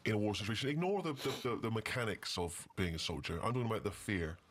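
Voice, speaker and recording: Casting: quick, questioning co-host with a lively, varied voice. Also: male voice, lowish voice. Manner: quizzing, incredulous. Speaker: show host. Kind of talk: casual chat.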